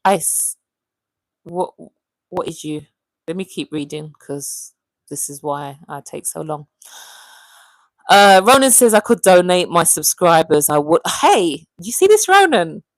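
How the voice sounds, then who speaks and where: A woman hosting a casual livestream, chatting and reading viewer comments aloud in a lively, animated way. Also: sits low, a little slow, long pauses, no room sound, low-quality recording. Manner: chatty and animated, often calling out viewers' names. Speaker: livestream host.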